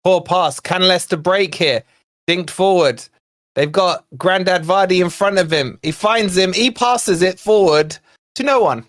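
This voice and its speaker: A man hosting a live fan watch-along, commentating on play and chatting with viewers, excitable and quick to shout at near misses and fouls. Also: high voice. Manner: chatty, talks to viewers and co-host. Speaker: fan channel host.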